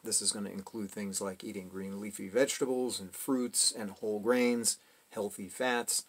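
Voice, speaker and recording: A man hosting his own channel, explaining a topic to camera in a measured, careful way, adding caveats and correcting himself as he goes. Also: on the low side, fairly even intonation, breathy edge. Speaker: channel host.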